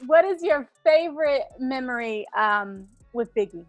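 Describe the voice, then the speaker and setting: A bubbly woman interviewer poses light questions with a fairly high voice. The recording is dry and close, with no room sound. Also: animated, unhurried, dry recording, lo-fi sound, soft background music.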